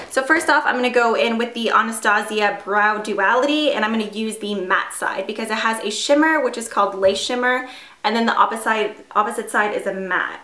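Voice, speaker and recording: A woman's voice: medium pitch, pushed and bright. A woman in her twenties chatting casually through a makeup tutorial, full of fillers and self-deprecating asides. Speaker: beauty vlogger. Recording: echoey room.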